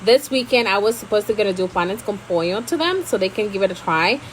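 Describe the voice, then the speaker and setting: A woman's voice: mid-range voice, a little fast, slight background noise, rough recording. A woman, hosting a casual live stream, chatting expressively and switching freely between Spanish and English. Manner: expressive, laughs often.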